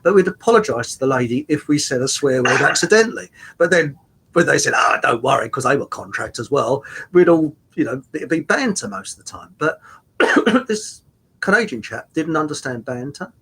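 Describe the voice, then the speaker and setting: Older male guest, husky and raised in pitch, halting anecdotal storyteller. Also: big pitch swings, fairly bright tone. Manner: rambling, halting with many fillers and restarts; chuckles through his stories. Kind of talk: anecdotal casual chat.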